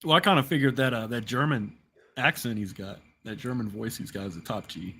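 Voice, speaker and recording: Male podcast guest, giggly jokes, bright husky voice, lively. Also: medium pitch, fairly quick. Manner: giggly, joking. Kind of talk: casual banter.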